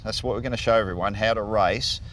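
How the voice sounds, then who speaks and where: A man with an Australian accent co-hosting a motorsport show, talking in a relaxed, rambling way with frequent restarts. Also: on the low side, quick pace, slight background noise. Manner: laid-back, restarts often, excitable behind the wheel. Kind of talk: casual chat and in-car commentary.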